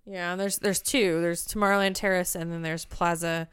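Smooth-voiced woman, teasing and laughing. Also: on the low side, little pitch movement, normal speed, no room sound, clean studio sound. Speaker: podcast co-host. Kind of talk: casual chat.

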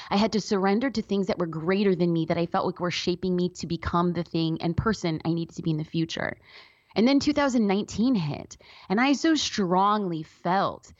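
A woman's voice: fairly low pitch, darkish tone, no echo, lo-fi sound. A woman speaking as an interview guest, earnest and reflective, with many "like" fillers. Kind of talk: candid personal interview talk.

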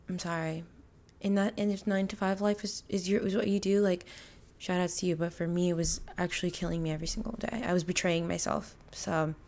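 A woman's voice: on the low side, darkish tone. A young woman hosting a podcast, talking candidly and emotionally in a rambling, filler-heavy way. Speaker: podcast host. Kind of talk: casual confessional monologue.

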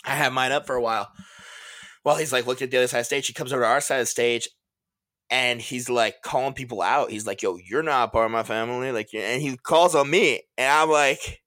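A man in his early twenties chatting casually on a podcast, telling stories in a laid-back way with quick asides. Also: medium pitch, a bit bright, dry recording, studio quality. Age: 20s. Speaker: podcast co-host. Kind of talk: casual chat.

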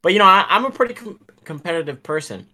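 A man's voice: sits high, lively intonation, quick pace, bright, forceful tone. A man co-hosting a casual podcast, ranting in an exasperated, profane way. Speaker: podcast co-host.

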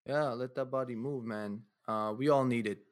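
A man's voice: medium pitch, steady tone, moderate pace. A man in casual podcast chat, agreeable and backing up his co-host with easy slang.

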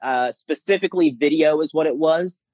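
A man who works as a business coach, talking casually and telling stories with lively impressions of others. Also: a little high, moderate pace, no room sound, highs cut off. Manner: animated storyteller, mimics voices. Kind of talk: casual conversation.

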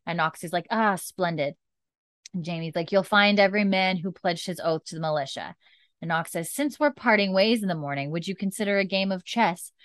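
Speaking briskly in a lowish voice, this podcast co-host retells a TV episode with plenty of animation, performing the characters' dialogue and peppering her talk with "like." There's no echo on the audio.

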